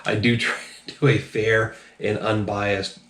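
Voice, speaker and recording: A man's voice: fairly low pitch, little pitch movement, a little slow, fairly bright tone, roomy sound. A man casually reviewing drinks on his channel, a little tipsy, talking loosely and profanely with lots of ums. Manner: loose, profane, rambling with many fillers.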